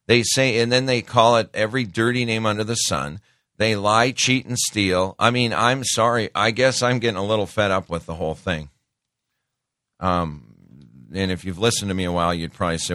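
A man's voice: fairly low pitch, sharp tone, no room sound, clean studio sound. A middle-aged man hosting a talk show, giving plainspoken, opinionated political commentary and talking straight to his listeners as folks. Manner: preachy, quotes scripture.

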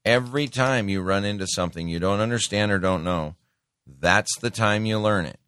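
Plainspoken middle-aged male talk host, preachy and opinionated; low voice, dry booth sound. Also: moderate pace, fairly bright tone, clean tone, no echo. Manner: folksy, plainspoken, calls listeners folks; preachy, quotes scripture. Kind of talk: opinionated political commentary.

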